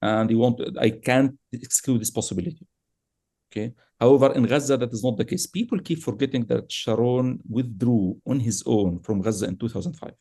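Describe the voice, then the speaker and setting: A man's voice: mid-range voice, fairly quick, husky. A man giving political commentary on a podcast, emphatic and at times heated, with frequent fillers and restarts. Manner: emphatic, grows heated and animated. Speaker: podcast guest analyst.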